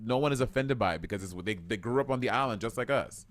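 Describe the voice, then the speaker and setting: A man from Saint Lucia, co-hosting a podcast, telling gossip in an animated, chatty way with quoted asides. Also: medium pitch, quick pace. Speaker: podcast co-host. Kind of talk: casual chat.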